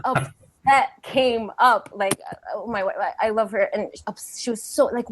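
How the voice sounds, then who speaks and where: A woman speaks over a video call to a retreat group, telling a personal story at a middle pitch. Her delivery is animated: she laughs readily, then drops into quiet, hushed stretches. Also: a little slow, a little hiss or hum. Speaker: retreat participant sharing a question. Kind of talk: emotional personal sharing.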